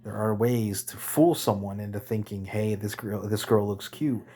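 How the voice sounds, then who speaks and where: A man with a low, husky voice rants to his camera, blunt and exasperated. He swears freely, stumbles, and stops to take back what he just said. His delivery is rambling and candid. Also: steady tone, normal speed, mellow. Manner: frustrated, blunt, swearing, rambling with self-corrections. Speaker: vlogger.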